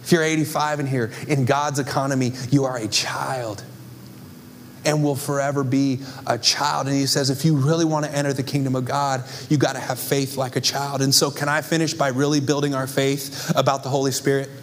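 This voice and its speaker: A man's voice: medium pitch, level tone, fairly quick, few pauses. A young adult man preaching a sermon with passion and emphasis, as pastor on a church stage. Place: church stage before a congregation.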